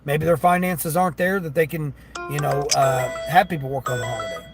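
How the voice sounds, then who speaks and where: Driving while livestreaming, a delivery driver grumbles chattily about gig work and mimics his customers. He talks fairly fast in a slightly high voice for a man, over music and the car's hum.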